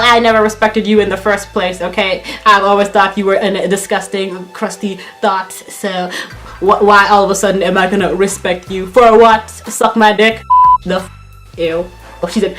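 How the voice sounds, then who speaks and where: A woman telling a story straight to camera, blunt and profane, with plenty of sass in her delivery. Her voice sits at a middle pitch. Faint music runs beneath her. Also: steady tone, normal speed, fairly bright tone. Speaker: vlogger. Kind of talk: storytime vlog.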